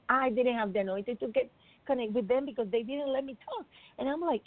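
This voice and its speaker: A woman's voice: a little high, a little fast, dry recording. A woman telling an emotional faith testimony in an earnest way, acting out the voices she quotes. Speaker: speaker sharing a personal faith testimony. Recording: tinny phone-like dry sound.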